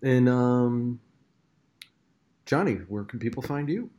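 A man's voice: mid-range voice, expressive, slow, warm tone, muffled recording. Effusive jokey man hosting a podcast. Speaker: podcast co-host. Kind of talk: casual chat.

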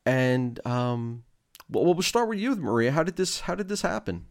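A man's voice: medium pitch, sing-song, normal speed. Jokey, encouraging male interview host.

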